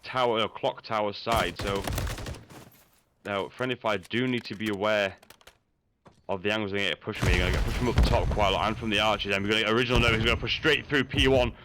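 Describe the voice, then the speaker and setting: A Welsh man commentates a live esports shooter match, talking fast in a lowish, fairly even voice and bantering with frequent laughs. Gunfire, explosions and other game sounds run over his voice, making the background noisy.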